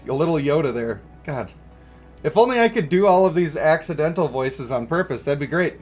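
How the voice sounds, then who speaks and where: A man's voice: on the high side, lively intonation, normal speed, darkish tone, soft background music. A man giving casual, joking livestream commentary on a mobile game and greeting viewers. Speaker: gaming streamer.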